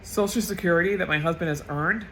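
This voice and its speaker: A woman's voice: on the low side, quick pace, fairly bright tone, a little hiss or hum, rough recording. A woman getting over a cold delivers an impassioned political rant as a vlogger, blunt, profane and emotional.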